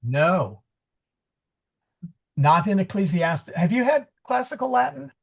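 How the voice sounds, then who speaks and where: A man's voice: high-pitched, sing-song, takes it slowly, vocal fry. A man teaching Latin pronunciation in an online class over a video call, chatty and correcting himself as he goes. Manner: chatty, self-correcting, joking aside. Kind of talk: online class lesson with questions.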